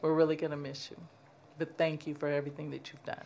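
A woman's voice: low-pitched, flat delivery, fast, darkish tone, dull audio, slight background noise. A woman chairing a public commission meeting, giving an emotional farewell tribute.

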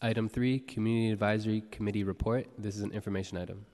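A man working as a board clerk, calling the roll and reading meeting announcements in a brisk, procedural way. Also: fairly low pitch, fairly even intonation, a little mellow, a little hiss or hum. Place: large legislative chamber. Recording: reverberant council chamber.

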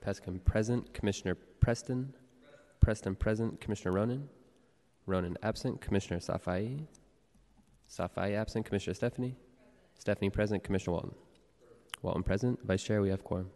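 A man with a very low, mellow voice reads roll calls and public-comment instructions as a board clerk. His delivery is steady and formal, and the long reverb of a large chamber hangs behind each phrase. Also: a little fast, gravelly, long pauses. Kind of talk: reading roll calls and procedural announcements. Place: legislative chamber in a city hall.

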